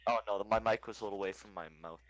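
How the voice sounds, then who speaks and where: A man's voice: lowish voice, very fast, fairly bright tone, rough recording. A man chatting casually with a streamer over game voice chat, teasing him and gushing about tanks. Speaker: fellow player on voice chat.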